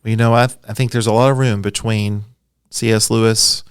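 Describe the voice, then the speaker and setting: A man with a low, smooth, resonant voice explains things with eager, nerdy enthusiasm. He is a scholar guest on a podcast, talking freely and poking fun at himself. The sound is close and dry. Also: little pitch movement, a little fast, no room sound. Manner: enthusiastic, explanatory, self-deprecating. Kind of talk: conversational podcast interview.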